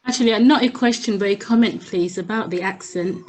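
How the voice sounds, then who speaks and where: A woman's voice: mid-range voice, brisk, rough recording. A woman participant in an online workshop, talking casually and hesitantly, with many fillers. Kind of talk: casual comment on a call.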